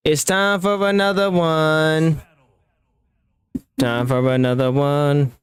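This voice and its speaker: A man's voice: on the high side, fairly even intonation, slow, clean tone, dry recording. A man giving live gameplay commentary as a streamer, talking back at the game with profane, reactive trash talk.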